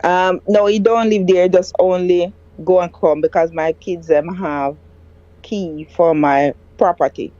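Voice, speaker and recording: Slow, halting woman telling her story. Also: on the low side, steady tone, warm tone, no room sound. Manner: halting, repeats and restarts words. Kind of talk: emotional personal account. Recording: dull lo-fi dry sound.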